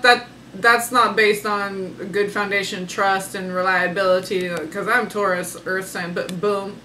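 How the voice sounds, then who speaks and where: A woman's voice: mid-range voice, steady tone, a little slow, bright, forceful tone, a little hiss or hum, rough recording. Sassy woman giving a tarot reading. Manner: sassy and emphatic, laughs often. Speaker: tarot reader. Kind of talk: casual tarot reading to camera.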